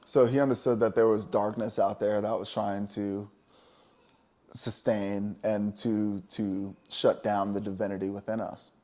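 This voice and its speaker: A man's voice: lowish voice, flat delivery, a little slow, mellow. A man co-hosting a casual spiritual talk show, talking emphatically and preaching, with many "you know?" asides. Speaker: podcast co-host.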